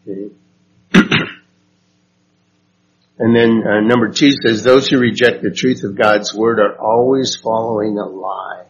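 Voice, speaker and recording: A man's voice: lowish voice, steady tone. A man teaching a Bible study class, reading verses and asking the group questions. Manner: slow and unhurried, asks the group questions. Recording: dull lo-fi recording with faint noise.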